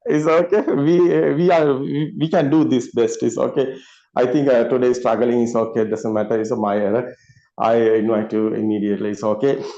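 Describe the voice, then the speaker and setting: Male host, halting delivery, lots of fillers, laughs often; muffled video call sound. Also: medium pitch, steady tone, dark tone. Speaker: discussion host. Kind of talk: casual video call discussion.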